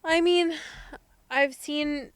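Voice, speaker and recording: A young adult woman co-hosts a podcast, chatting casually and thinking out loud with plenty of fillers and hedges. Her voice is high-pitched and steady, she draws out her words, and there's no echo.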